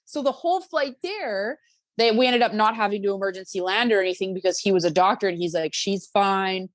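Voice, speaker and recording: A woman's voice: mid-range voice, brisk, dry recording. A woman telling a travel story in casual podcast chat, acting out quotes with lots of fillers. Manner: animated, acts out quotes with fillers. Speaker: podcast guest.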